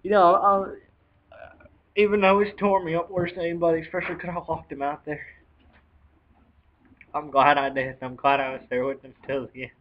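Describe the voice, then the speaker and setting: Young man, tearful vlog confession, slightly high voice, halting with sighs, muffled lo-fi audio. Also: flat delivery. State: choked up, on the edge of tears. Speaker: vlogger. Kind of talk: emotional personal account. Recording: dull lo-fi home video audio.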